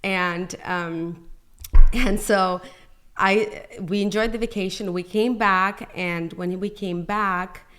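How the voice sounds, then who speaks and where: A woman's voice: medium pitch, fairly even intonation, slow, fairly bright tone. A young woman giving an emotional personal testimony as a podcast guest, talking casually with lots of "like" and acting out what people said. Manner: chatty, many "like" fillers, acts out quoted dialogue.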